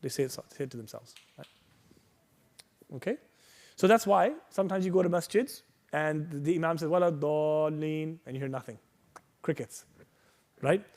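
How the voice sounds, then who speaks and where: A man's voice: on the high side, lively intonation, normal speed, pauses often, darkish tone. A man teaching a workshop on prayer, explaining patiently and reassuringly, reciting Arabic phrases and checking in with "right?" and "okay?". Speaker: religious teacher.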